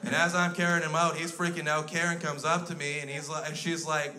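On a comedy stage in front of a live crowd, a Canadian comic with a fairly high, level voice delivers crude stories briskly with a sharp, exasperated edge. Audience laughter and crowd noise fill the live recording.

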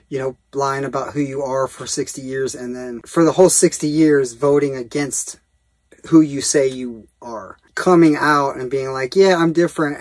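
A man's voice: medium pitch, no room sound. A man in a casual vlog rant, rambling and profane, with lots of fillers. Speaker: vlogger.

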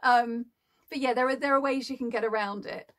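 A woman's voice: a little high, steady tone, a little fast, fairly bright tone. A woman working as an audiobook narrator, explaining her work in a casual, thoughtful way with frequent ums. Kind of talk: casual explanatory talk to camera.

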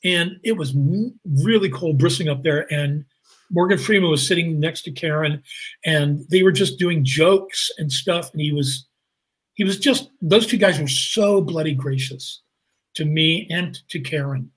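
A man with a fairly high, husky voice tells behind-the-scenes stories as an interview guest. He talks in an animated way and slips into voices for the people he quotes. He is on a remote video call. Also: unhurried, poor audio. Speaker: guest actor and improviser. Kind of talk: anecdotal interview storytelling.

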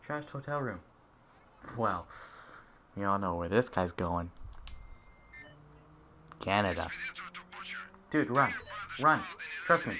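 A man's voice: mid-range voice, animated, slow pace, pauses often, sharp tone, a little hiss or hum. A young man giving casual, jokey gameplay commentary and chatting at the game characters. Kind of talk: casual let's-play commentary.

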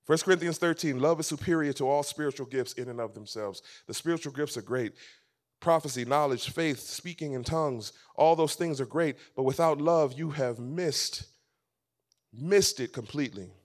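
Pastor guy preaching, goes big and loud then drops almost to a whisper, repeats stuff for punch. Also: on the high side, moderate pace. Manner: dramatic swings from loud emphasis to hushed, near-whispered lines; emphatic repetition of phrases. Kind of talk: sermon. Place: church camp meeting.

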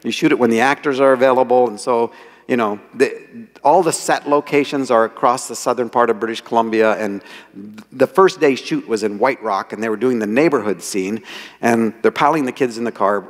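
A man telling lively anecdotes as the author speaking to an audience, quoting people as he goes. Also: medium pitch, brisk. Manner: animated storyteller, quotes people in voices. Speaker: author giving a talk. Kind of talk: storytelling talk. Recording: reverberant hall.

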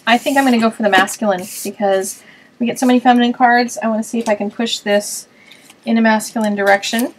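A woman's voice: a little high, steady tone, fast, slight background noise, poor audio. A woman hosting a card-making web show, chatting casually and thinking aloud as she works on a live stream.

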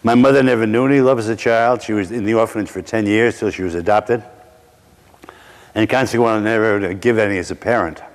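Low-voiced preacher telling a story in a hall. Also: male voice, steady tone, quick pace. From Brooklyn, New York. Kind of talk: sermon storytelling.

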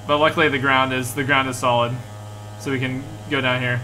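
A young man streaming a game, giving energetic commentary and often repeating himself. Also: mid-range voice, fast, slight background noise. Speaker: gaming streamer. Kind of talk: excited live gameplay commentary.

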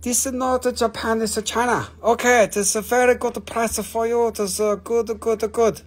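A man's voice: very high voice, steady tone, drawn-out words, pushed and bright, breathy edge, full character voice. A man doing a pushy broken-English salesman. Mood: salesy.

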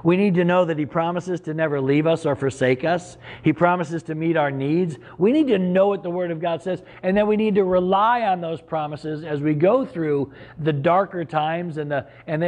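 A man's voice: fairly high pitch, normal speed, darkish tone. A middle-aged man preaching a sermon as pastor, earnest and conversational, with sudden emphatic rises.

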